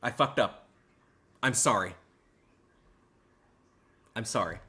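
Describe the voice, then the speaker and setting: Bright-voiced man, mock-apologetic host. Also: on the low side, slow pace. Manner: mock-apologetic, stammering, swings between loud and hushed. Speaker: channel host reacting to clips. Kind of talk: sarcastic reaction commentary.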